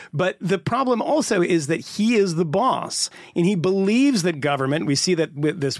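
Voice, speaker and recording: A man co-hosting a casual political podcast chat, sardonic and rambling, swearing and filling pauses with "uh" and "you know.". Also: a little high, dry recording, studio quality. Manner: rambling, sardonic, profane, lots of fillers. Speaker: podcast co-host.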